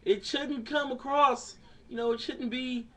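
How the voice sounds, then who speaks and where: A man's voice: very high voice, steady tone, measured pace, pushed and bright. A man in a casual video rant, rambling with many fillers and restarts and swearing freely. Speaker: vlogger.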